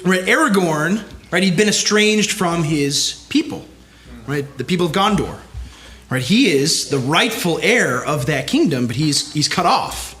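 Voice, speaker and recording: A man's voice: on the high side, expressive, a little slow, fairly bright tone. A man, a pastor giving a conference talk, speaking emphatically and checking in with the audience with "right?" after nearly every line. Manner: emphatic, keeps tagging lines with "right?".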